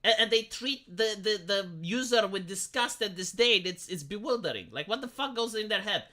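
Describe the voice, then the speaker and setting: A woman's voice: medium pitch, expressive, normal speed, pushed and bright. A young woman streamer ranting in casual chat, profane and exasperated, rambling with frequent restarts. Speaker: live streamer.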